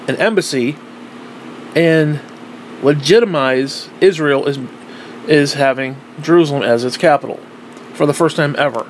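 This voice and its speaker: A man's voice: fairly high pitch, slight background noise. A man giving a blunt, profane monologue, repeating himself insistently and recording himself on a tablet. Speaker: vlogger. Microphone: tablet microphone.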